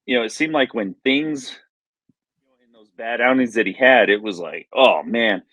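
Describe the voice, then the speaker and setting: A man co-hosting a sports podcast, reminiscing in a halting way with many restarts. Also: medium pitch, animated, sharp tone, no echo, low-quality recording. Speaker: podcast co-host. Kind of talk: casual sports chat.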